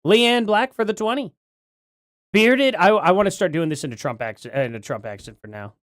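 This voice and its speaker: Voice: medium pitch, animated, a little fast, no echo. Casual streamer at home reading donos, voice jumps up and down a lot, dry close sound. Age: adult parent. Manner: rambling, self-correcting, chatty. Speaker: livestream host. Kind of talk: casual livestream chat reading donations.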